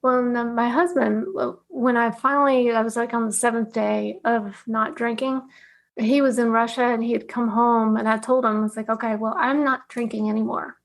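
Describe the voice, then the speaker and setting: A woman appearing as a guest, an artist, tells a personal story with emotion, tearing up, laughing often, and acting out the conversations she had. Her voice is on the high side, steady, and at normal speed, with vocal fry.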